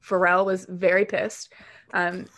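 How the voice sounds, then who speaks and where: A woman guest on a podcast, chatting casually and telling lively stories with lots of fillers and quick asides. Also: lowish voice. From based in New York City. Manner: animated storytelling, quick asides and filler words. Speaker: podcast guest, dog-mom influencer. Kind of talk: casual chat.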